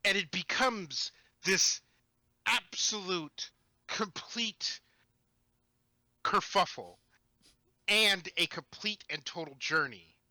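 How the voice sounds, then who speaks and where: Bright forceful male voice, animated rambling storyteller, game master, dry close sound. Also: high-pitched, slow, pauses often, dry recording. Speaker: podcast guest and game master. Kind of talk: casual storytelling chat.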